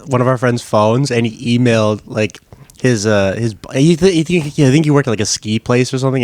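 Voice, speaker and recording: A young man co-hosts a podcast, animatedly telling crude stories in casual chat. His voice is mid-range and the recording is dry.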